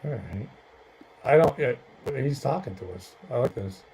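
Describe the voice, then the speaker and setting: A man's voice: mid-range voice, expressive, normal speed, gravelly, darkish tone, slight background noise, rough recording. A man hosting a comedy podcast, telling a rambling self-deprecating story full of fillers. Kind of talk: casual storytelling chat.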